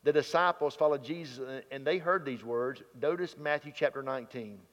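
A man's voice: mid-range voice, moderate pace, a bit bright. A man preaching a sermon in a folksy, plain-spoken way, reading scripture aloud. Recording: dull sound, long hall reverb.

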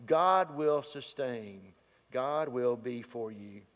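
A man's voice: medium pitch, slow pace. A man preaching a sermon in a folksy, plain-spoken way, reading scripture aloud. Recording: dull sound, long hall reverb.

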